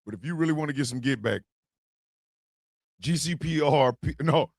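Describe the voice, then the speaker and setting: A man hosting a comedy show, ranting in a profane, animated way with yelled bursts. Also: a little high, normal speed, vocal fry, dry recording, clean studio sound. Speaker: host. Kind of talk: comedic rant commentary.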